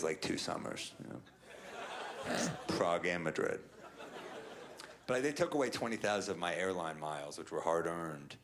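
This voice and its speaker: A male stand-up comedian telling a sardonic, deadpan story to a live audience. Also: low-pitched. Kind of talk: stand-up routine.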